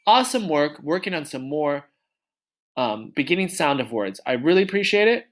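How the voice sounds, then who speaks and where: A male teacher giving a children's reading lesson, sounding out letters slowly and with exaggeration, and praising often. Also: on the high side, big pitch swings, fairly bright tone.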